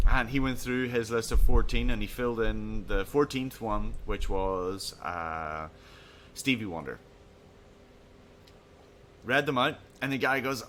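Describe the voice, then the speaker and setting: A man with a bright, forceful voice tells a story on a chat podcast, acting out each person he quotes. His tone is lively and casual. A faint hiss sits under the recording. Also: medium pitch, unhurried. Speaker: podcast co-host.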